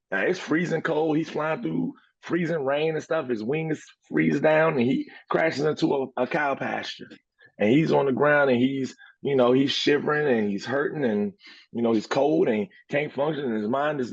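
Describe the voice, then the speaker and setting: A man with a gravelly, husky voice tells an animated, profane story in a casual podcast manner. The recording sounds dull and lo-fi, with a dry, close feel. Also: on the high side, normal speed, dry recording. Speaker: podcast co-host.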